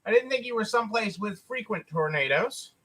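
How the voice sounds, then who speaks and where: A man with a very high, bright voice chats with viewers on a store live stream, greeting them by name and repeating himself in a loose, casual way. He sounds tired. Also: animated, brisk, breathy edge, low-quality recording.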